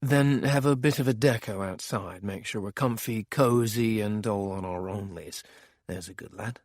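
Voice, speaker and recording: A man doing a sly, jovial crime boss in an audiobook thriller. He teases and banters with cheerful menace. The voice sits at a middling pitch and sounds dry and close. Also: moderate pace, no room sound, lightly acted. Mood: teasing.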